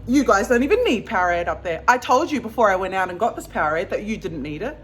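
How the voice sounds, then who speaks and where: A woman's voice: mid-range voice, animated, fast, slight background noise, close to an everyday voice. A woman mimicking a huffy, snippy volunteer. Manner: curt, huffy retorts.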